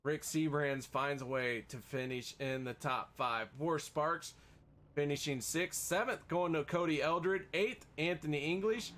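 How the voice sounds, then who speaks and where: A man's voice: fairly high pitch, a little slow, fairly bright tone. A man hosting a racing broadcast, interviewing drivers after the race and reading the finishing order in an upbeat announcer style. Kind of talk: post-race interviews and results.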